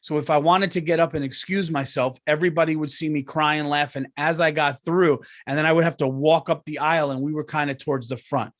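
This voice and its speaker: A middle-aged man, a comedian hosting his own show, telling a comic story in a profane, animated way. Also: on the high side, brisk, few pauses. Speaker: comedian host.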